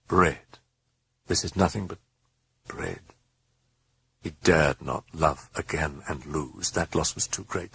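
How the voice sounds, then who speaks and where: A man narrating a horror novel in a dramatic, expressive way. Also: sits low, gravelly, breathy edge, no echo.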